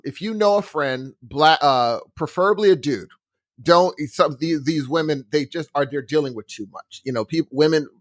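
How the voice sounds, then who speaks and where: A man's voice: a little high, a bit bright, no echo. A man on a podcast in casual discussion, talking emphatically and animatedly, often repeating himself for stress.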